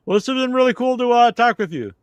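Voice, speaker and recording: A man's voice: very high voice, animated, a little fast, clear, resonant tone, no echo. A man hosting a podcast in casual chat, chatty and thinking aloud as he searches online. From Massachusetts. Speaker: podcast host.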